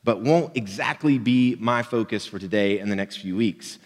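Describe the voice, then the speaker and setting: A man's voice: on the low side, moderate pace, long reverb tail. A man preaching a sermon as a pastor, in an easygoing, conversational way with light jokes.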